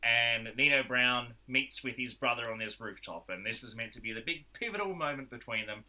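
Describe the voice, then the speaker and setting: An Australian man on a casual podcast, telling a film's story with animated energy. His voice is very bright and sharp, and he is at a middle pitch for a man. He slips into the characters' voices as he recaps the plot. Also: a little fast. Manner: animated retelling, acts out characters' lines. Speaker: podcast co-host. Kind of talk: casual film review chat.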